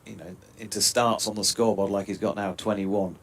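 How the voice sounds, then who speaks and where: A man giving relaxed, chatty live cricket commentary with dry quips. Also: lowish voice, a little fast.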